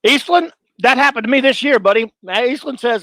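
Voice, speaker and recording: Higher-voiced middle-aged man, blunt. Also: normal speed, bright, forceful tone, no room sound. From Louisiana. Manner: blunt and opinionated, rambling with restarts. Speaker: show host. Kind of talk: casual live-show monologue, answering chat.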